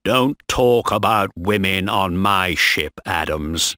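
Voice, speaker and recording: A man's voice: low-pitched, slow pace, pushed and bright, no echo, full character voice. A man voicing a strict, commanding ship captain who gives curt orders. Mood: stern.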